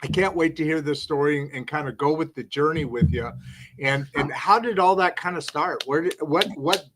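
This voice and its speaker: A man's voice: a little high, normal speed, background noise. A man hosting a live interview show, talking in a rambling, enthusiastic way full of asides and restarts. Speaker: talk show host. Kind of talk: casual live interview chat.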